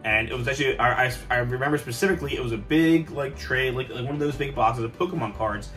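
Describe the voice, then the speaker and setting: A young man vlogs about collecting, talking casually to camera in a medium-pitched, somewhat bright voice. He's a fast talker who rambles with many restarts and fillers. The mic is distant, with faint music in the background.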